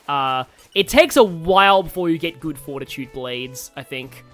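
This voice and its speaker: A man's voice: a little high, normal speed, fairly bright tone, soft background music. A man giving casual, rambling commentary while streaming a game. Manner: rambling, full of fillers and self-corrections. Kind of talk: casual let's-play commentary.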